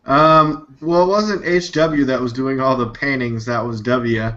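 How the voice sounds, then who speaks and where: A man playing a cocky, bright-voiced contestant. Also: medium pitch, unhurried, dull audio. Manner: cocky, teasing. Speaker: game show contestant. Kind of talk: casual chat.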